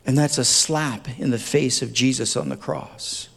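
A man's voice: mid-range voice, lively intonation, moderate pace, vocal fry, few pauses. A man preaching a sermon as a pastor, speaking earnestly and tenderly, building at times to fervent emphasis. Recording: long hall reverb.

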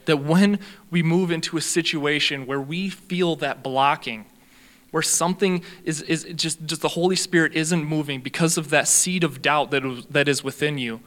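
An earnest young man preaching a sermon, his voice sitting a little high for a man. He teaches in a steady, heartfelt way and stops now and then to read aloud from a book. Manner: earnest, reads a long testimony aloud.

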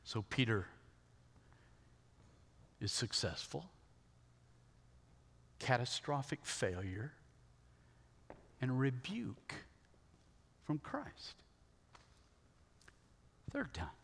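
A male pastor preaching a sermon, retelling a story emphatically and checking in with the congregation with quick rhetorical questions, in a large hall. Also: mid-range voice, huge pitch swings, fairly bright tone, slightly rough. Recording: long hall reverb.

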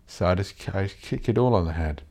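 This solo podcast host is a man whose low-pitched, slightly mellow voice is expressive and fairly quick. Rambling and ranting, he swears heavily and makes fun of posh accents.

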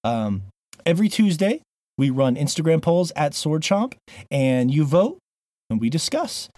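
A man's voice: on the high side, very animated, unhurried, darkish tone, no room sound, studio quality. A man hosting a gaming podcast, opening the show in a playful, jokey way with lots of fillers. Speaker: podcast host. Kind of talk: casual podcast intro.

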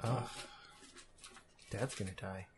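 Husky guy cracking jokes through a horror flick, laid back chat. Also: lowish voice, steady tone, takes it slowly. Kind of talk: casual chat reacting to a horror film.

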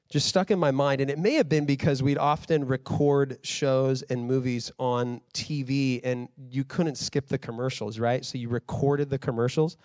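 A man's voice: fairly high pitch, a little mellow, no room sound, clean studio sound. A man in his thirties preaching a sermon in a conversational way, rising to fired-up emphasis. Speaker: pastor.

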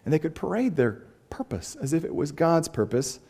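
A male pastor with a drawl preaches a sermon in an easy, conversational way, his dark-toned voice very animated at a normal speed. He jumps up in pitch for emphasis and drops low for wry asides, clearing his throat now and then.

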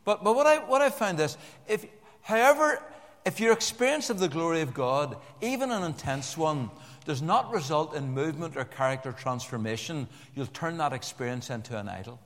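Older male pastor, slightly high voice, lively sermon delivery with restarts and asides, long church reverb. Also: normal speed. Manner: animated, repeats words, jokes with the congregation.

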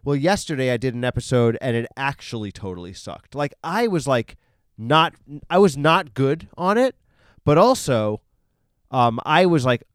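A man's voice: mid-range voice, big pitch swings, normal speed, smooth, no room sound, studio quality. A man hosting a casual solo podcast, rambling and swearing freely, full of fillers and self-corrections. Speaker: podcast host. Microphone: studio podcast microphone.

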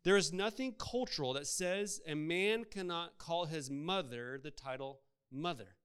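A man's voice: fairly high pitch, measured pace, fairly bright tone, clean tone. A man preaching a sermon, conversational, asking his congregation rhetorical questions. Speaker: pastor.

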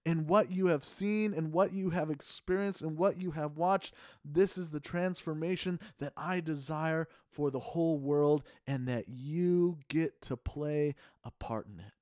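A middle-aged man preaching a sermon in an earnest, measured way, asking the congregation rhetorical questions. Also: fairly high pitch, darkish tone, no echo, clean studio sound. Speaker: pastor.

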